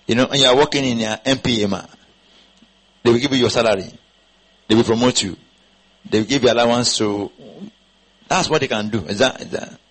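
A man's voice: medium pitch, a bit bright, low-quality recording. A man preaching a sermon to a congregation, firing rhetorical questions and having them repeat his words back. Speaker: pastor. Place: church congregation.

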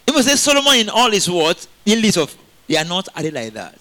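Bright-voiced preacher, animated and questioning. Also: male voice, high voice, fairly quick. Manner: animated, asks the congregation questions, laughs often. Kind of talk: sermon.

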